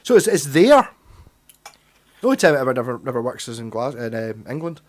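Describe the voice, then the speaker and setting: This Scottish man speaks in a mid-range voice with big pitch swings and a brisk pace, hosting a livestream where he chats casually and rambles with viewers, reading their messages in a self-deprecating, slightly tipsy way.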